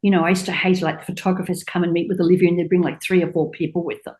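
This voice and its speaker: An older woman, a fashion designer, telling anecdotes in an interview and acting out quotes in a higher voice. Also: very fast, low-quality recording. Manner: animated anecdotes, acts out quotes in a high voice. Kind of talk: storytelling interview chat.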